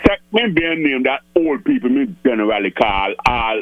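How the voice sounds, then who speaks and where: A man in a casual radio chat, talking haltingly, repeating words and slipping into island dialect. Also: mid-range voice, animated, narrow, tinny audio.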